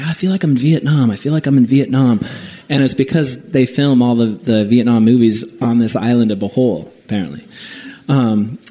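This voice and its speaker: A man's voice: mid-range voice, dark tone. A man casually telling a rambling personal travel story, acting out the people in it. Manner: casual, rambling with restarts and acted-out quotes.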